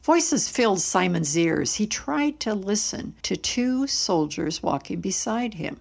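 A woman narrating a Bible story in a steady, earnest storytelling manner. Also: mid-range voice, unhurried, gravelly, few pauses.

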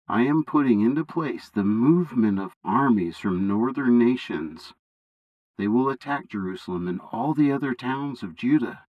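A man voicing God as a calm, fatherly deity in a bible story reading, speaking steadily and with authority. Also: medium pitch, no echo, highs cut off. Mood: grave.

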